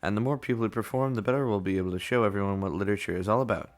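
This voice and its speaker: Man doing a composed young woman club leader, put-on British accent, low-pitched and steady. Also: racing, close to an everyday voice. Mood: reassuring. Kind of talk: voicing a visual novel.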